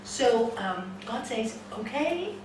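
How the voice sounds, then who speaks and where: A woman yoga teacher gives a spiritual talk, animatedly telling a story and performing the voices of its characters. Her medium-pitched voice is a little slow. A distant room mic captures her from far off in an echoey hall with noisy ambience.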